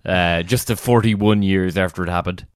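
Irish man, co-host, low voice, teasing tone. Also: moderate pace, clean tone. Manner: wry, teasing. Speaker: podcast co-host. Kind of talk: casual podcast chat.

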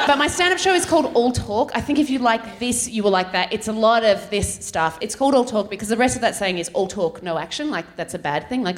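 A woman's voice: on the high side, lively intonation, a little fast, very noisy. A woman from Australia, a guest comedian, chatting on stage at a live podcast recording in a giggly, self-mocking way. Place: theatre stage before a live audience. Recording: live theatre, loud audience laughter.

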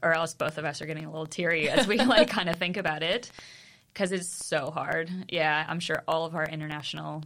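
Woman in her 30s, podcast co-host, chatty and laughing, lowish pitch. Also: brisk, fairly bright tone, a little hiss or hum. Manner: chatty storyteller, laughs often. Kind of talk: casual chat.

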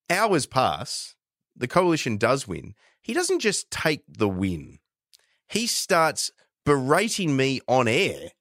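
An Australian man co-hosting a podcast, telling a political story in casual chat with animated delivery. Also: mid-range voice, no echo, studio quality. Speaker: podcast co-host.

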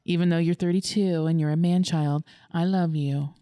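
Podcast guest, a woman and grandmother-to-be, emotional and gushing, lowish pitch, dry close sound. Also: steady tone, normal speed, dark tone, no echo. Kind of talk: casual chat.

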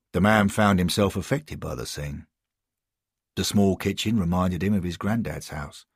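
A man reading a scripted story as narrator, measured and expressive. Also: sits low, husky, no room sound, clean studio sound.

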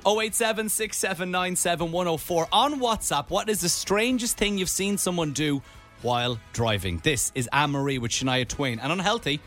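An upbeat Irish man presents a radio show, running the links and the game rules with brisk energy. His voice sits a little high for a man, with faint music under it. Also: animated, a bit bright. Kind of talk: lively radio hosting.

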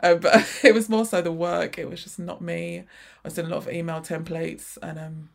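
A woman's voice: on the low side, flat delivery, normal speed, vocal fry. A woman in her forties, a chatty interview guest who laughs often and restarts her sentences. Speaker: guest, freelance graphic designer. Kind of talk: casual interview chat.

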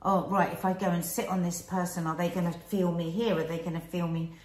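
A middle-aged woman talks in an earnest, advising way on a candid podcast. Her voice sits on the low side. The room around her is echoey. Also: fairly even intonation, a little fast. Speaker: podcast co-host. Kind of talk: candid conversational chat.

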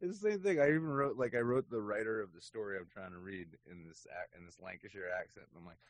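A man co-hosting a podcast in casual chat, ranting with animated, profane bursts that sometimes break into shouting. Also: lowish voice, fast talker, dry recording. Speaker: podcast co-host.

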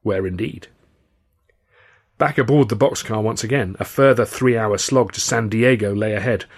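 Give me a man narrating his own novel in a measured, dry first-person style, voice a little low. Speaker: author and narrator.

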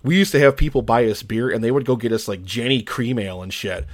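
A man in his thirties talks with blunt emphasis, swearing casually through a relaxed chat. His voice sits in a middle range and is recorded dry and up close. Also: mid-range voice, fast, no room sound.

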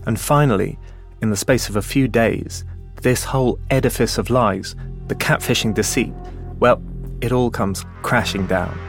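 A man with a fairly low voice tells a true story in scripted documentary narration. He takes his time and lays out events with measured, deliberate care. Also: gravelly, soft background music. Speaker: podcast host and journalist.

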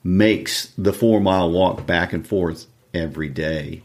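A man co-hosting a podcast, discussing a book in a measured, analytical way. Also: deep voice. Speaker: podcast co-host.

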